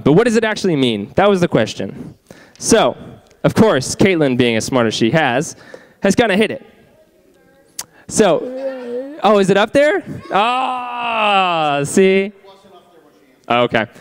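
Youth pastor, young man, higher voice, smooth and clear, keeps asking the room questions. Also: sing-song, unhurried. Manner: chatty, asks the audience questions. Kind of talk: youth group sermon.

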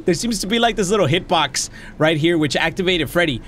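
An excitable young man narrating his own gameplay in a high, animated voice. He jumps between mumbling to himself and yelling, with frequent swearing and laughter. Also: moderate pace, pauses often, slight background noise. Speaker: gaming YouTuber. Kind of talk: let's play commentary.

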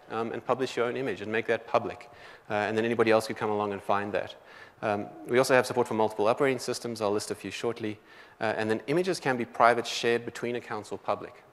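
A man with a South African accent giving a technical conference talk, talking quickly with many fillers and restarts. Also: on the low side, in a large hall. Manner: quick, loose delivery full of "um" and restarts. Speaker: conference presenter. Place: large conference hall.

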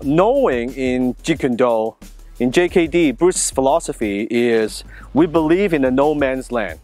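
A man's voice: on the high side, darkish tone. A man teaching self-defence, talking through each move and directing a training partner as he demonstrates. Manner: gives direct instructions to a partner while demonstrating. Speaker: martial arts instructor.

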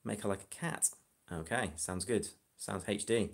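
A man's voice: on the low side, moderate pace, gravelly. Chatty man live-streaming from a phone. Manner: chatty, joking asides to viewers. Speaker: hypnotist livestream host. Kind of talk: casual live-stream chat. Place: flat indoors. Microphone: phone camera.

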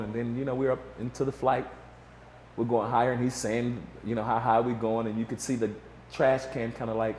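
A man's voice: mid-range voice, darkish tone, a little hiss or hum. Guy telling an old story in an interview, acts out the quotes, echoey room. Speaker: interview guest.

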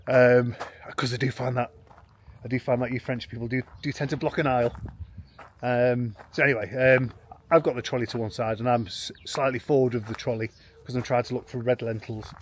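A man's voice: mid-range voice, steady tone, normal speed, slight background noise. Chatty self-mocking man vlogging. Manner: rambling and self-mocking, with frequent restarts and chuckles. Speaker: expat family vlogger. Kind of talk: casual chatty vlog to camera. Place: in and around a home in rural France.

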